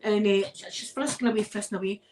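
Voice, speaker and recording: A Scottish woman, host of her own channel, telling personal stories in a chatty, animated way and laughing often. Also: medium pitch, fast talker, slight background noise, low-quality recording. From Scotland. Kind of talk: casual storytelling chat.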